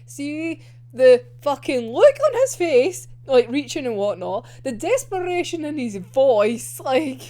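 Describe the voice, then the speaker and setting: Young adult woman, excitable casual anime reviewer; high, animated, unhurried delivery. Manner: excitable, gushing, laughs often. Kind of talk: casual episode discussion.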